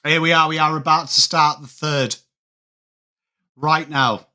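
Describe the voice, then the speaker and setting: A man on a live stream, chatting with viewers and calling the game, with excited outbursts on big plays. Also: on the high side, unhurried. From England. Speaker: watchalong streamer. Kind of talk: live game commentary mixed with chat.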